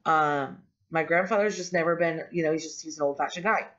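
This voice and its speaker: A woman's voice: sits low, fairly quick, fairly bright tone. A woman vlogger telling a personal story in a candid, rambling way, with frequent ums and restarts. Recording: dull lo-fi audio.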